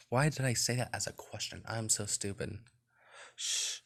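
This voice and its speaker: Low-voiced man reading a game aloud. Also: normal speed, gravelly, fairly bright tone. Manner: rambling casual asides. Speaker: let's play host. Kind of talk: reading a visual novel aloud with commentary.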